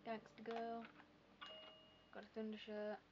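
Woman, let's-play commentary, self-deprecating and chatty, a little high, lo-fi hissy mic. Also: completely flat delivery, a little slow, music in the background. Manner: self-deprecating, chatty, thinking aloud while typing codes. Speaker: gameplay commentator. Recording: lo-fi home recording with background hiss.

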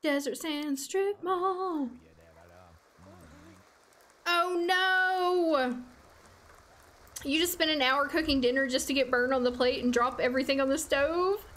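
A young adult woman streams a game and chats casually, laughing often and talking to the on-screen characters. Her voice is high-pitched and fairly bright, at a moderate pace with few pauses, and faint music plays behind her.

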